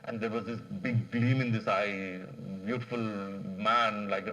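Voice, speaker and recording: A man tells a folk tale at a talk, in an animated, rambling way. He fills his sentences with "you know" and "like". His pitch sits in a middle register. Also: normal speed, hardly any pauses, low-quality recording. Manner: animated, digressive, many fillers. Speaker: speaker at a management association. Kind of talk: storytelling talk.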